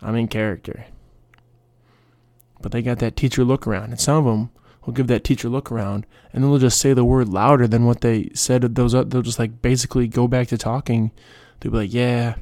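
A man's voice: mid-range voice, fairly even intonation, a little fast, darkish tone, no room sound. A young man hosting a casual solo podcast, rambling through stories with quoted voices and asides. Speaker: podcast host.

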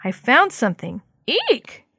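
A woman voicing an excitable, soft-hearted young girl in a children's storybook, speaking high and eager. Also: measured pace, dry recording, clean studio sound, heavily acted.

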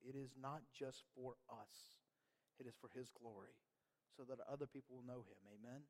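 A male pastor delivering a lively sermon, laughing often and acting out little quotes. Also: medium pitch, moderate pace. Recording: long reverb of a church hall.

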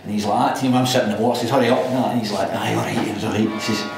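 A man's voice: lowish voice, fairly even intonation, racing, creaky, over music. Rambling Scottish man in an echoey room. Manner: rambling storyteller, acts out voices. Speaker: podcast co-host. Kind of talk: casual chat, anecdote.

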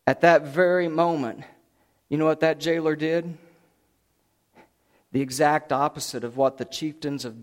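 A man preaching a sermon, retelling a scripture story with dramatic swings from hushed asides to loud outbursts. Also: a little high.

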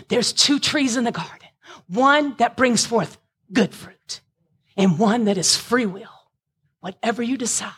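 A woman preaching a sermon, impassioned, at times rising to shouts with a breaking voice. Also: on the high side, unhurried, breathy edge.

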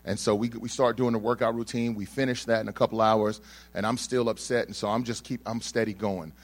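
A man's voice: lowish voice, a little fast. A young man telling a personal story to an audience, acting out the people in it and joking with the crowd. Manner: animated storyteller who acts out the people in his story and jokes with the crowd.

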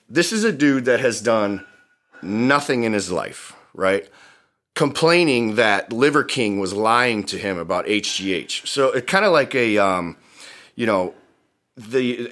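Male podcast host, blunt profane rant, mid-pitched voice. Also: a bit bright. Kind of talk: ranting solo podcast talk.

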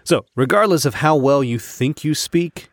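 A man co-hosting a podcast in casual chat, telling stories in an animated way and laughing easily. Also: fairly high pitch, moderate pace, dry recording, studio quality. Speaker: podcast co-host.

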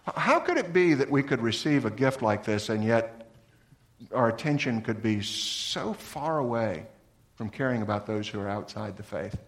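Man preaching an earnest sermon. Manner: earnest, swings from lively emphasis to soft low-voiced appeals. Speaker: pastor.

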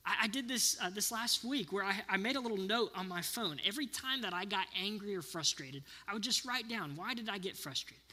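A man's voice: sits high, animated, brisk, hardly any pauses, bright, forceful tone, big-room sound. A man in his thirties giving an earnest sermon, often putting questions to his listeners. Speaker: pastor.

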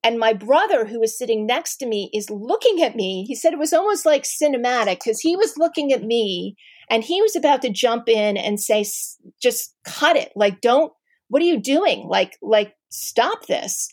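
A middle-aged woman telling a personal family story to an audience, candid and animated, with many ums and restarts. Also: on the high side, normal speed, dry recording, clean studio sound.

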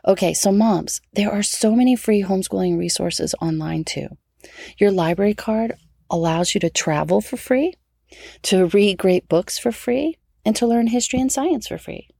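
Gravelly-voiced woman hosting a homeschool podcast. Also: medium pitch, moderate pace, mellow, no room sound, clean studio sound. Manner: encouraging, chatty, rhetorical questions. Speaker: podcast host. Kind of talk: casual solo podcast talk.

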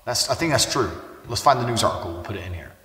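A brash, boastful man rants to camera in a casual monologue, cursing constantly. His voice is bright and his pitch swings widely as he talks. The sound is distant and echoes around a room with a long tail of reverb. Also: lively intonation, quick pace. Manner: brash, boastful and heavily profane. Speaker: online personality. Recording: echoey room, mic far off.

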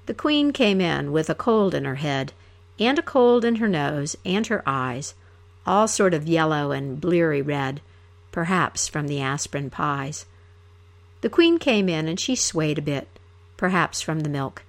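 A woman reads a humorous storybook poem aloud in a slightly low voice. She takes her time, dipping into wry, emphatic asides with a lively, swinging pitch. The delivery is playful throughout. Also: unhurried, vocal fry. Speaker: poetry reader.

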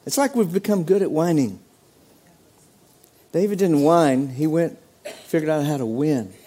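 A male pastor delivers an animated sermon in a fairly high voice. He acts out the people in his story, jumping up in pitch to play them, then drops back to his normal speaking voice. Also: unhurried. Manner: animated preaching, acts out quoted voices with sudden pitch jumps.

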